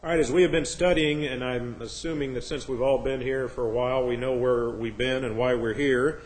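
A man teaching an evening Bible class, leading prayer in a formal, measured way. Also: medium pitch, fairly even intonation, slight background noise, poor audio. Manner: formal, measured, slips into mild joke voices.

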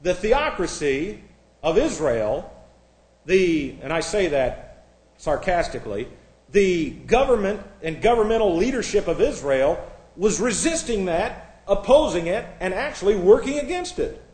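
A man's voice: high-pitched, lively intonation, moderate pace, a little mellow. A man teaching verse by verse from the Bible, reading scripture with rising force and adding sarcastic asides. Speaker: preacher. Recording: echoey room.

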